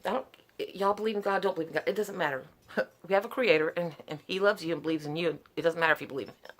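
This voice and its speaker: An earnest middle-aged woman talks straight to the camera, unscripted and heartfelt. Her voice sits a little low, and her words keep tumbling into sighs, soft laughs and restarts. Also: very fast. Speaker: vlogger telling her story. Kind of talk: unscripted personal testimony to camera.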